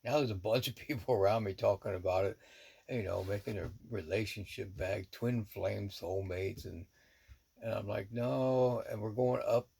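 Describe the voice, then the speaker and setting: Gravelly man, fairly low voice, middle-aged shaman, rambling casual storytelling. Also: darkish tone. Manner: rambling and easygoing, with many fillers and asides.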